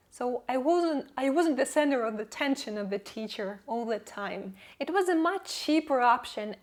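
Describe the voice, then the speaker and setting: Slow, high-voiced woman, non-native English. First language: not English. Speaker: English-learning channel host. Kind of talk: scripted personal vlog narration.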